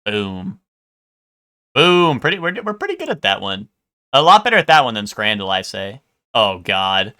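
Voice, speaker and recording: A man's voice: on the low side, huge pitch swings, moderate pace, pauses often, pushed and bright. A man streaming live, chatting casually with his chat and stumbling over unfamiliar food names. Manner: chatty, hesitant, stumbles over foreign words.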